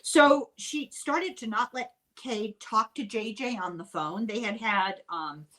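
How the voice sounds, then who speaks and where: An older woman hosting a podcast, telling a true-crime story in a chatty, unhurried way with dry asides. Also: a little high, pushed and bright. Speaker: podcast host.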